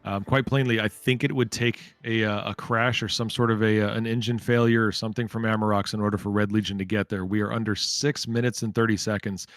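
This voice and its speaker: A man's voice: fairly low pitch, level tone, quick pace, few pauses, fairly bright tone, no echo, faint music behind. A man commentating a live-streamed space ship race, chatty and thanking viewers by name.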